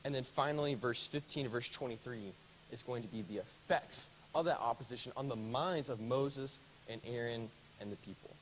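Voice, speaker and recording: A man's voice: medium pitch, normal speed, fairly bright tone, a little hiss or hum, poor audio. A man teaching a Bible study class in a casual, conversational way, often asking the group questions.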